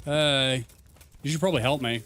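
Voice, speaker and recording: A man's voice: medium pitch, moderate pace, a bit bright, slight background noise. A young man streaming a game, chatting casually and swearing, laughing at the chaos. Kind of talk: casual gameplay commentary.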